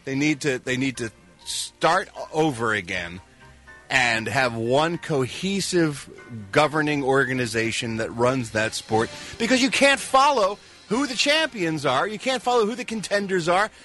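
A man's voice: a little high, sing-song, unhurried, pushed and bright, faint music behind. Opinionated male co-host. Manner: opinionated, emphatic. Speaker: radio co-host. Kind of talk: morning radio talk.

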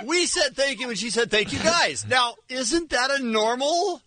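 Male radio host, playful and self-defending in banter, high bright voice. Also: expressive, slight background noise. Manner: joking, self-defending, quick to laugh. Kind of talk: casual banter on a morning radio show.

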